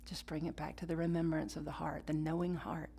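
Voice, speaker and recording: A woman's voice: deep voice, level tone, a little fast, gravelly, slight background noise. Woman pastor giving a sermon with dynamic swings into whispers, plus call-and-response and conversational asides. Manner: swings from loud emphatic lines to hushed whispers; leads the congregation in call-and-response.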